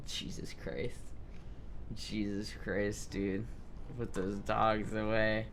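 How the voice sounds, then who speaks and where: A young man livestreaming, chatting casually and reading chat aloud in a loose, profane, animated way. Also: lowish voice, very slow, background noise. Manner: loose, profane, animated, with frequent restarts and laughs. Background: faint background music.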